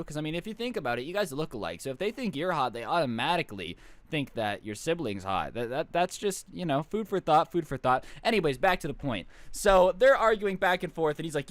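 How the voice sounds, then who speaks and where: A man's voice: a little high, sing-song, fairly quick, fairly bright tone, no echo. Young man rambling through a story. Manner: rambling, jokey, slips into mock voices for friends. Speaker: streamer. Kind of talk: casual storytelling.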